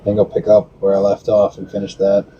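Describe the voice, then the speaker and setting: A man co-hosting a podcast in casual chat, animated, often laughing and acting out quotes. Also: fairly low pitch, fairly quick, husky, dull audio. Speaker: podcast co-host.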